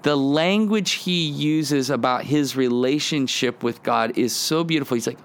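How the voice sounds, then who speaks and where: A man's voice: medium pitch, moderate pace, vocal fry, hardly any pauses. Earnest man teaching on prayer. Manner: earnest, conversational, acts out prayers in quoted lines. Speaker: podcast host teaching on the Psalms. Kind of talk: devotional podcast teaching.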